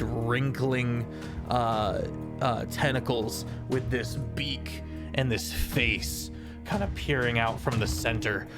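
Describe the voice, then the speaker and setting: Male DM, unhurried halting narration, mid pitch, music bed behind. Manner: slow, halting descriptive narration. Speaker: dungeon master. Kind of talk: narrating a tabletop game. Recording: game music playing behind.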